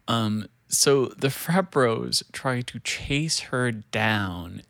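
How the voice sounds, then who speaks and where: A man's voice: mid-range voice, measured pace, gravelly, few pauses, a bit bright, dry recording, studio quality. A man in his thirties telling a rambling story, full of fillers, swearing and laughter. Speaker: show creator. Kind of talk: casual storytelling.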